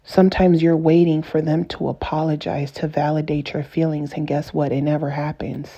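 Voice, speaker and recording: In a muffled recording, a woman vlogger talks earnestly and casually to camera, building emphasis by repeating and rephrasing herself. Her voice is low-pitched and dark with a breathy edge, showing little pitch movement at normal speed.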